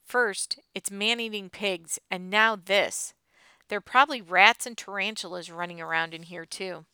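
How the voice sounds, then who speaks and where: A woman voicing a jittery boy who whines and panics in the dark. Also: medium pitch, steady tone, normal speed, smooth, no room sound, studio quality, lightly acted. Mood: whiny. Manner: whiny and panicky. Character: jittery complaining boy scared in a cave.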